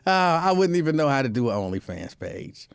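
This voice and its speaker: A man's voice: on the high side, big pitch swings, a little fast, gravelly, smooth, no room sound. A man hosting a show, telling a comedic casual monologue with joking, repetitive asides. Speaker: show host.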